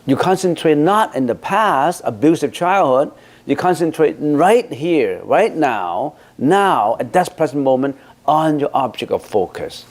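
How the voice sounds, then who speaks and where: A man's voice: medium pitch, a little mellow. Emphatic man giving a dharma talk. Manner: emphatic, with rhetorical questions. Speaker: Buddhist teacher. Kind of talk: dharma talk answering questions.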